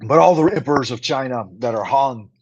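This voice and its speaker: A man's voice: medium pitch, fairly quick, slight background noise. A man in the middle of his range, chatting loosely to viewers on a livestream and tossing in playful rhymes. His audio sounds a bit dull and lo-fi, like a home stream setup. He rambles casually between food ratings and side topics. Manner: playful, rhyming patter, chatty asides to viewers. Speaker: livestream host.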